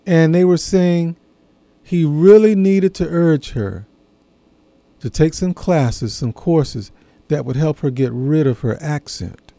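A man telling a personal story in a reflective monologue, earnest and measured, pausing between phrases. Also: on the high side, mellow, no room sound. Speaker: speaker sharing a personal story.

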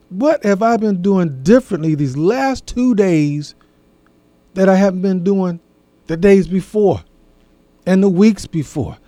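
A middle-aged man speaking slowly and deliberately to his listeners, leaning on repeated phrases to drive a point home. His voice is warm and mellow, a little higher than most men, and it sounds dry and close, with no room echo. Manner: slow, folksy, repeats key phrases for emphasis. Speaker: host. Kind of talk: casual talk to an audience.

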